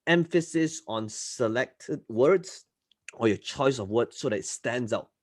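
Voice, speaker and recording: A man coaching a live online class, often checking in with listeners and swinging between loud and soft delivery. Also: medium pitch, animated, measured pace, no room sound, clean studio sound. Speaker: marketing coach.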